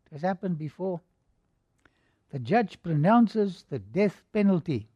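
A man's voice: sits high, lively intonation, unhurried, mellow, breathy edge, no echo. A man preaching a sermon, posing rhetorical questions and telling a dramatic story to his listeners. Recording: dull lo-fi recording.

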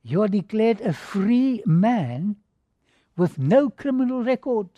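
A man voicing a solemn, merciful male judge who speaks gravely and with compassion. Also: a little high, very animated, a little slow, dark tone, no room sound, exaggerated voice. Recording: dull lo-fi recording.

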